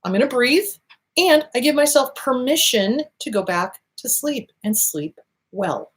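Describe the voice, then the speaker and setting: Lively, swearing woman therapist. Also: unhurried. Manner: swears freely, acts out quotes with big pitch jumps. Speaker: therapist and podcast host. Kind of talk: casual advice monologue.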